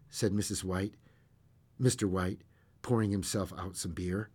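A man narrating a classic short story aloud in an expressive way, with occasional stumbles and chuckles. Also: fairly low pitch, measured pace.

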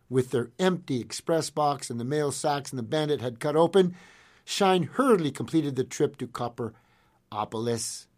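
Lively folksy male yarn-teller, dramatic delivery, wide-ranging pitch. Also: measured pace. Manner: folksy, dramatic, chuckles at his story. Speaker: storyteller. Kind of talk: old-west history storytelling.

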